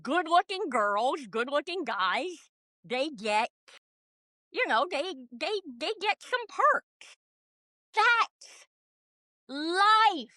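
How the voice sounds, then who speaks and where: A woman comedian in casual podcast chat, profane and animated, ranting with big swings in loudness. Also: high-pitched, drawn-out words, pauses often, no room sound. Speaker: comedian guest.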